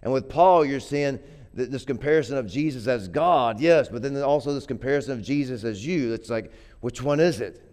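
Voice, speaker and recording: A man's voice: medium pitch, fairly quick, darkish tone. A man preaching a sermon in a conversational way, often repeating words and building to emphatic peaks. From grew up poor.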